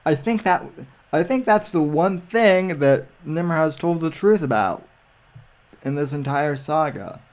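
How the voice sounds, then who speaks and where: Slow, rambling man on a stream. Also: a little high, expressive. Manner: rambling, many restarts and fillers. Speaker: co-host of a live stream. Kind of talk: casual stream chat.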